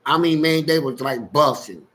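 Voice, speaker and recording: A man's voice: on the high side, moderate pace, fairly bright tone, rough recording. A man telling frank, streetwise stories in a casual livestream chat and laughing along as he goes. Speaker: guest storyteller on a livestream.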